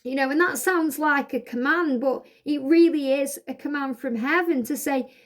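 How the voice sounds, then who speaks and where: A tarot card reader, a woman with a high voice, gives a spiritual card reading outdoors at normal speed. She reads each card's message aloud and explains it soothingly and reassuringly.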